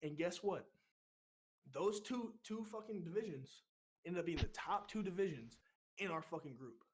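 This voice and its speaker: A man telling a boot camp story on a casual podcast, profane and animated, getting loud when he acts out what he said. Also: high-pitched, normal speed, a little hiss or hum. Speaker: podcast co-host.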